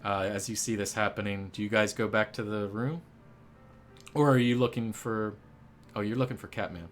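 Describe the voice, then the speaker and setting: Man, game master narrating a tabletop session, low pitch, hesitant and rambling. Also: fairly even intonation, normal speed, soft background music. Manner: rambling, hesitant, many fillers.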